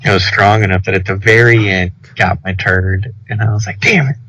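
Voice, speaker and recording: Rambling young guy, gravelly. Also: low voice, a little fast. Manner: rambling, lots of "like" fillers, animated retelling. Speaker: podcast co-host. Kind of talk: casual storytelling chat. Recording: dull lo-fi audio.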